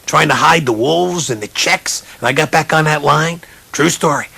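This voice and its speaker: A college basketball coach telling a self-mocking, animated story in a humorous speech, jumping up in pitch to imitate other people. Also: male voice, moderate pace, vocal fry, slightly rough. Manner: animated, jumps high for quoted voices.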